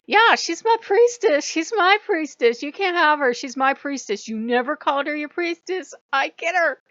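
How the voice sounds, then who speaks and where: Woman doing a shrill possessive wine god. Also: animated, moderate pace, fairly bright tone, dry recording, muffled recording. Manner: insistent, repeating the same claim.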